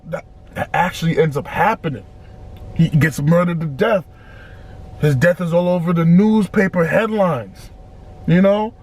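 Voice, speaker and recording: A man's voice: on the high side, unhurried, long pauses, husky. A man hosting a casual album reaction, reading out lyrics and talking through them with repeated words and restarts. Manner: animated, quotes lyrics, often repeats himself. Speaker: reaction channel host.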